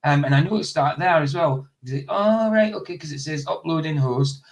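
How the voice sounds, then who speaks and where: A man's voice: fairly high pitch, brisk, gravelly. A man hosting a casual chat over a remote call, laughing often and stumbling over his words. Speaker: host.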